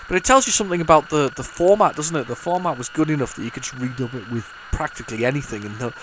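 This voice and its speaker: A man talks over an old computer game in a loose, rambling way, tripping over his words and starting sentences again. His voice sits at a middle pitch. A faint hiss of noise runs under the recording. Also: fast, a bit bright. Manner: rambling, many restarts and repeated words. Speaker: retro gaming YouTuber. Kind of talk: casual commentary while playing.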